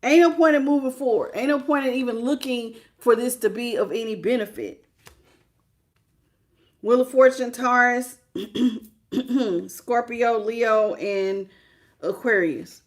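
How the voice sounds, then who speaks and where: A woman with a slightly high voice runs a live tarot reading, laying out the cards in a loose, conversational way. She talks animatedly, laughs easily and greets viewers by name between the cards. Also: slow pace, pauses often. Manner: casual, chatty, animated, often laughing. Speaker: tarot reader.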